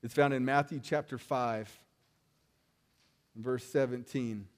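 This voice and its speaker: A man's voice: medium pitch, fairly even intonation, takes it slowly. A man giving a conversational sermon, retelling stories in a casual way and often checking in with "right?". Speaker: preacher.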